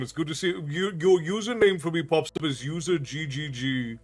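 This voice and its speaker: This storytelling streamer's voice is on the high side, moving at a moderate pace with few pauses over soft background music. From Ireland and speaking with an unusual Irish accent, he chats on a live stream and answers viewer comments aloud.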